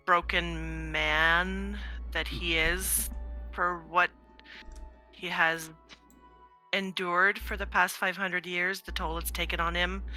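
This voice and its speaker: A woman playing a tabletop role-playing game, speaking slowly and thoughtfully. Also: lowish voice, flat delivery, pushed and bright, soft background music, low-quality recording. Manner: slow, thoughtful and hesitant. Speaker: player. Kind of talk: tabletop role-play, in and out of character.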